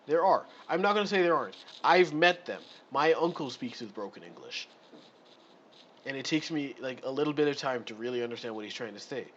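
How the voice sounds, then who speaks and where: A man's voice: on the high side, a bit bright, muffled recording. Exasperated man ranting on a live stream. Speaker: streamer reading a module. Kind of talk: live read-through with commentary.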